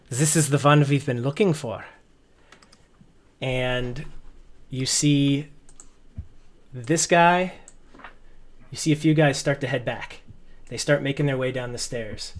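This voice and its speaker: Over a video call, a man acts as game master for a tabletop game, narrating the story animatedly and often repeating words. His voice is medium in pitch.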